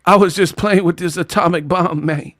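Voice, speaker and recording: A man putting on a laid-back, drawling impression of a man who ends every line with "man", softer and more mumbled than his own talk. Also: high voice, normal speed, dry recording, studio quality.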